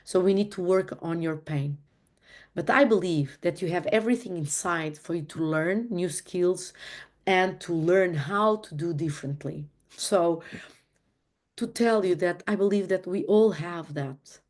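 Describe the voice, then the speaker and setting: Earnest low-voiced woman teaching. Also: measured pace. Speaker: host leading a relationship talk. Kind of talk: reflective teaching talk.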